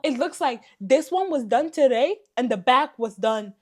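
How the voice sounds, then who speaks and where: A woman's voice: fairly high pitch, expressive, normal speed, few pauses. A woman vlogging casually to camera, venting in a tired, exasperated way while hungry. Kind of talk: casual storytime vlog. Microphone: camera mic facing a monitor.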